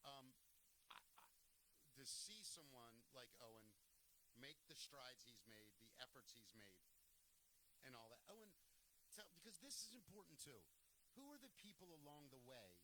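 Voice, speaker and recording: A man's voice: mid-range voice, very animated, normal speed, long pauses, pushed and bright, a little hiss or hum. A man hosting a live talk show, speaking earnestly and rambling, often correcting himself mid-sentence.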